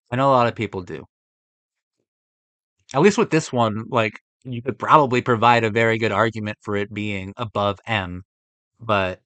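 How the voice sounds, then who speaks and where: A young man reacting to a movie ranking, swearing often and swinging between loud exasperated outbursts and low muttering. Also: no echo. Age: young adult. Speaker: film reaction vlogger. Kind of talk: ranting reaction to a movie list.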